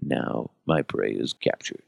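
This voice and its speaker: A calm, menacing serial killer, as a man puts him on, talks through his plans in a slow, smug inner monologue. The voice sits deep and gravelly, well below his usual speech. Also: dry recording, heavily acted. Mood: sinister.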